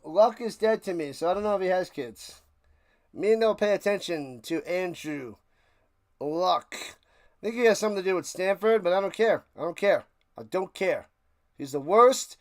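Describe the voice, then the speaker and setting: High, gravelly-voiced male sports streamer. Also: no room sound, studio quality. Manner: ranting, sarcastic, swings between mutters and outbursts. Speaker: live stream host. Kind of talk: live sports reaction and play-by-play.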